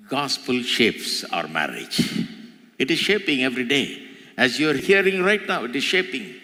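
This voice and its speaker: A man preaching a sermon as pastor, his voice climbing in pitch and volume as he repeats phrases for emphasis. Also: pushed and bright. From India. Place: large church hall. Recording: church hall with long reverb.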